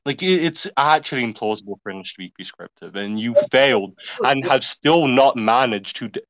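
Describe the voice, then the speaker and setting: A man's voice: mid-range voice, expressive, a little fast, a bit bright, dry recording, rough recording. Debater, male, brash and dismissive, swears often, dry close mic. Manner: combative, profane, dismissive. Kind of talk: heated online debate.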